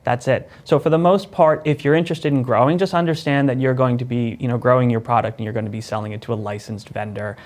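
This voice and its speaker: A man, a guest in an interview, explaining rules in a measured, methodical way with frequent "you know" and "right?". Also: medium pitch, fairly even intonation, a little mellow. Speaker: cannabis licensing lawyer, guest.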